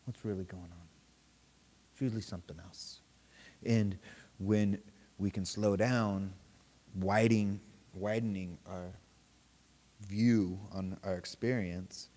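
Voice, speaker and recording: A man leading a meditation group, telling a story in a relaxed, casual way, swearing freely and laughing often. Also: on the low side, unhurried. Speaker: meditation teacher. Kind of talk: casual dharma talk.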